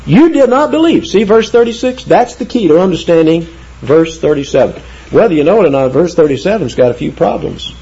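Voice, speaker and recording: Emphatic preacher man, lively pitch. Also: vocal fry, husky. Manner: emphatic, slows down to read scripture aloud. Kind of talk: expository Bible teaching. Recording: dull lo-fi sound.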